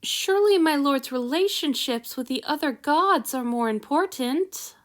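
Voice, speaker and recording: A woman's voice: sits high, expressive, unhurried. A woman reading the lines of an anxious, deferential male slave attendant, pleading and formal.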